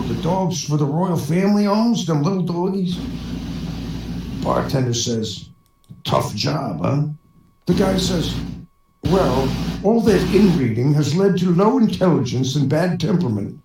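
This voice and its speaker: In an online voice chat room, a man plays stand-up comedian, firing off one bar joke after another and laughing at his own material. His voice is a little high and expressive at a measured pace, heard from far off in an echoey room with background noise.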